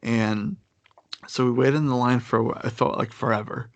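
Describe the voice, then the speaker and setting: This young man has a gravelly, fry-edged voice and sits close to a dry, dead-sounding mic. He tells his story in loose casual chat, rambling and circling back with fillers and restarts. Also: mid-range voice, steady tone, normal speed, dry recording, highs cut off.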